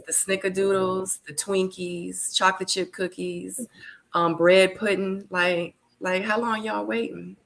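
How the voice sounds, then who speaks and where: A woman hosting a live online panel show, chatty and laughing often, her voice a bit tired and low. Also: little pitch movement, a little slow, creaky, fairly bright tone. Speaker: host.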